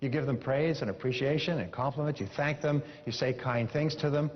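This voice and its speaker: A man's voice: medium pitch, steady tone, a little fast. A man giving a motivational seminar talk, emphatic, repeating key phrases and coaching his audience. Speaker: seminar speaker. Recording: dull lo-fi sound with long hall reverb.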